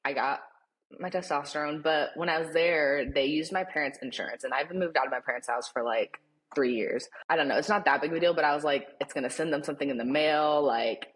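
A young man, a podcast guest, telling a story in casual chat, animated and laughing often, with lots of "like". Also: on the high side, fast talker. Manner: animated, laughing, heavy use of "like".

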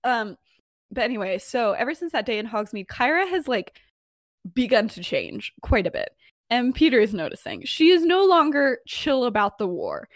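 Brief: young woman podcast co-host, bright higher voice, dry close sound, rambling chat. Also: very animated, normal speed, no room sound. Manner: chatty, many fillers, frequent laughs. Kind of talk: casual chat retelling a story.

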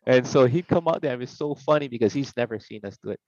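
A man's voice: mid-range voice, quick pace, dry recording. Man telling stories casually. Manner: animated, acts out quoted voices. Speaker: podcast guest. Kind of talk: casual storytelling. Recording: dull, dry podcast audio.

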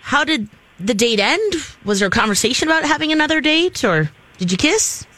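A woman's voice: sits high, very animated, brisk, fairly bright tone, no room sound. A woman co-hosting a morning radio talk show, playful and teasing in casual banter.

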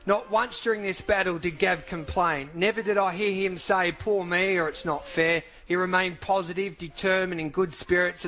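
A man's voice: high voice, a bit bright. A male radio host thanking a guest and reading out a statement. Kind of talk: radio show hosting.

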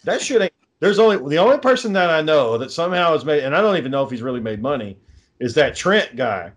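Blunt, swearing man, slightly high. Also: big pitch swings, fast. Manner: blunt, profane, sarcastic. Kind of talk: casual chat.

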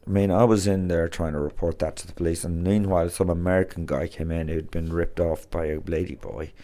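A man's voice: low voice, fairly even intonation, a little fast, mellow. A man hosting a podcast, talking in a chatty, rambling way with lots of fillers and restarts. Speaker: podcast host. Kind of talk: casual rambling monologue.

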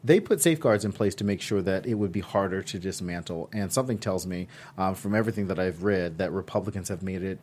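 A man co-hosting a podcast, talking politics in casual, halting chat with frequent restarts and laughter. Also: deep voice, a little mellow. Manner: conversational, halting restarts, laughs at own jokes. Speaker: podcast co-host.

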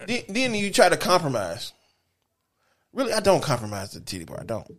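A man's voice: a little high, wildly swooping pitch, brisk. A man co-hosting a podcast in casual chat, blunt and teasing with his co-host.

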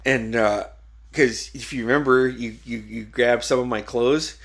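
A man's voice: medium pitch, steady tone, unhurried, gravelly, a bit bright. A man hosting a podcast, casually telling old stories with frequent swearing and laughter. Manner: laid-back storytelling with frequent swearing and laughs. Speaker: podcast host. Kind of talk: casual chat.

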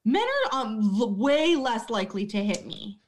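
A young adult woman with a slightly high voice tells bar stories in a casual chat. She is blunt and swears freely. She laughs through her stories and acts out the customers' lines. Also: lively intonation, moderate pace, darkish tone, a little hiss or hum. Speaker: bartender.

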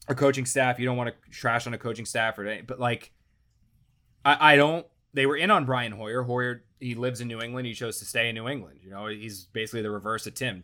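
A young man, a sports reporter, chatting casually on a remote video call, rambling excitably with lots of "like". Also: medium pitch. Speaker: team beat reporter and panelist. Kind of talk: casual sports talk chat.

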